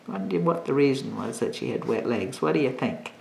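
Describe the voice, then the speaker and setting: A woman reads a storybook aloud with a lively, bouncing voice, stopping now and then to put questions to her young listeners. The room echoes around her, giving the reading a hollow, roomy sound. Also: a bass voice, fairly quick, gravelly, slight background noise.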